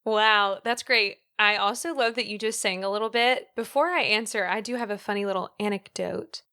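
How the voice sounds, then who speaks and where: Bright, crisp-voiced chatty woman. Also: mid-range voice, moderate pace. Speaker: podcast co-host. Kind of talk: casual chat.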